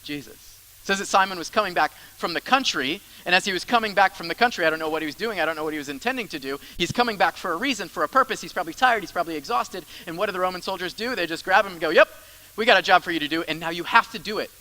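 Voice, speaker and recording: A man's voice: sits high, expressive, very fast, few pauses, bright, forceful tone, rough recording. A man preaching a sermon as the church's pastor, in a conversational style with asides and repeated phrases.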